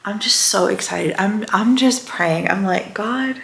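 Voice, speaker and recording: A woman's voice: mid-range voice, measured pace, creaky, fairly bright tone. A woman vlogger talking casually and candidly to the camera, sometimes dropping to a near whisper. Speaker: lifestyle vlogger. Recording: echoey room.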